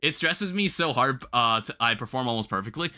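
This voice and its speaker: A young man hosting a livestream, chatting casually while gaming and telling rambling, animated stories with some swearing. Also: medium pitch, brisk. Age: young adult. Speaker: livestream host.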